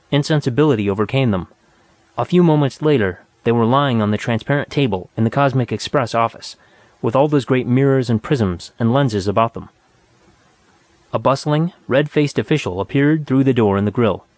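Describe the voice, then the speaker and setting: A man reading a story aloud in a steady, measured narration. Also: medium pitch, no echo. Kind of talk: audiobook narration.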